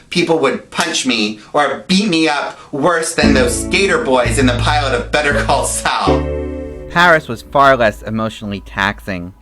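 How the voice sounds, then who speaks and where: A man with a fairly high voice tells comic travel stories as host of his own web series. He is joking and animated and packs in quips. His voice sits in a roomy, echoey space, with clear music behind him. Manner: joking, quip-filled, animated delivery.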